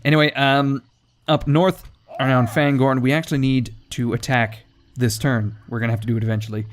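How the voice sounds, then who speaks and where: A man's voice: medium pitch, little pitch movement, fairly quick. A man giving casual, rambling gameplay commentary, joking and swearing freely.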